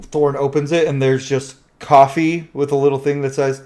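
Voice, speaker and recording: A man narrating as game master in a tabletop game, chatty and quick to laugh. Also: mid-range voice, level tone, a little mellow.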